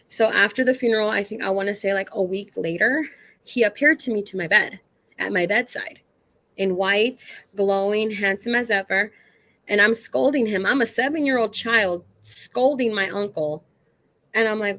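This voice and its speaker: A woman's voice: medium pitch, moderate pace, sharp tone, no echo. Chatty woman, very dry sound. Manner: chatty, filler-heavy, acts out dialogue. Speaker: psychic medium guest. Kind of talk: casual storytelling.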